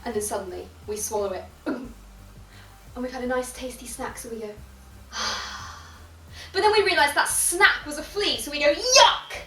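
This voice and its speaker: Upbeat young British woman leading a drama warm-up. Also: high voice, lively intonation, quick pace, hardly any pauses, distant mic, faint music behind. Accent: British English. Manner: upbeat, instructive, playful vocal sounds. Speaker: drama teacher. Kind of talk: guided warm-up lesson. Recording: echoey room, voice from off-mic.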